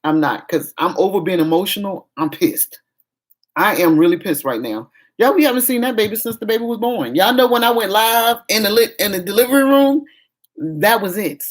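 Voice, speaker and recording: A woman's voice: mid-range voice, lively intonation, moderate pace. Frank middle-aged woman venting to camera. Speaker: vlogger. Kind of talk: casual chat to camera.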